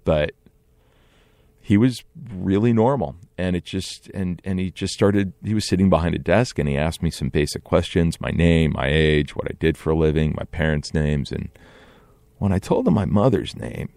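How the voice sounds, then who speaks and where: A man's voice: deep voice, lively intonation, normal speed, creaky, darkish tone, dry recording. A man telling a personal story in an earnest, conversational way, often restarting his sentences. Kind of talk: first-person storytelling monologue.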